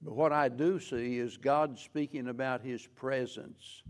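A man preaching a sermon as pastor, slow and measured, with frequent restarts. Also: mid-range voice, steady tone, smooth.

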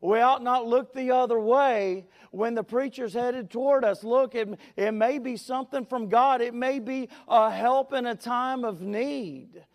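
A man's voice: extremely high pitch, a little slow, few pauses, big-room sound. A man preaching a sermon in a folksy, storytelling way, drawing out key words. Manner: folksy, tells stories, stretches key words.

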